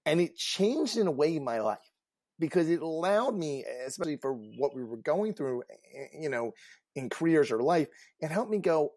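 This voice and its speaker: A man co-hosting a casual panel talk as a career coach, earnest and emphatic, growing animated as he tells stories. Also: fairly high pitch, moderate pace, no echo.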